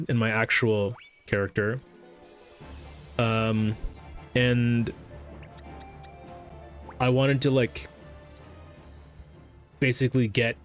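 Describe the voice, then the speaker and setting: A man streaming a game, chatting casually, brushing off the game's dialogue and stumbling over his words as he goes. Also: fairly low pitch. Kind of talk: casual gameplay commentary.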